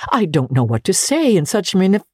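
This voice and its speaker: A woman voicing a portly old gentleman who stammers, flustered and overwhelmed. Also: on the low side, big pitch swings, a little fast, husky, dry recording, clean studio sound, voice pushed up. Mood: astonished.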